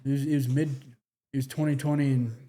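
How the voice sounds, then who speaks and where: A man's voice: medium pitch, flat delivery, mellow. Laughing man from Michigan telling stories. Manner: halting, laughing, many restarts. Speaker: hunting guide. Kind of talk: casual storytelling in an interview. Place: a house in the countryside.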